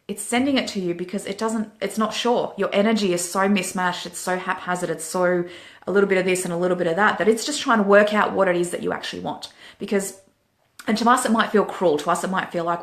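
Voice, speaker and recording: A woman with an Australian accent giving frank, lively spiritual relationship advice in a casual vlog, sometimes laughing at herself. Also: medium pitch, reverberant.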